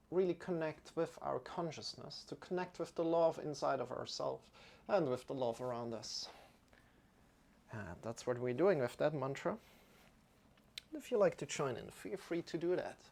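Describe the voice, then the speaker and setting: A man guiding a yoga class, giving gentle and unhurried instructions with soft asides. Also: a little high, creaky. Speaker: yoga teacher.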